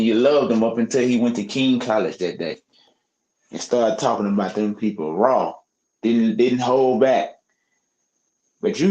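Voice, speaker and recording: A man's voice: mid-range voice, darkish tone, lo-fi sound. Heated, profane man ranting in an echoey room. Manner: heated, profane, preachy rant with rhetorical questions. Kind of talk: opinionated casual commentary.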